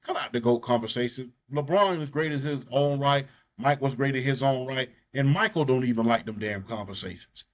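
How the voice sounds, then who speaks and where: Blunt, animated Southern man talking sports. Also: mid-range voice, fairly quick, few pauses. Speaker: sports podcast host. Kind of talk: casual sports talk. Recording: muffled lo-fi audio.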